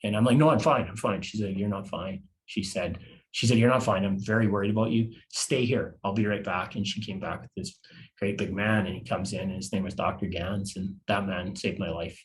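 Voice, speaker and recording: A man in his fifties, a podcast guest, telling a personal story in a halting, confessional way and often repeating words. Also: deep voice, steady tone. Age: 50s.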